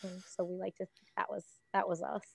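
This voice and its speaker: A woman who is a professional wrestler appears as a guest on a podcast, chatting casually and telling stories with lots of laughter while acting out what people said. Her mid-range voice is brisk, creaky and slightly rough, recorded at studio quality with no room sound.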